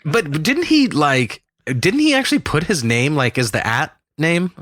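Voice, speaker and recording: A man's voice: a little high, sing-song, fairly bright tone, no echo. Man, podcast co-host, emphatic, casual chat, dry close sound. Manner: emphatic, quick asides, restarts.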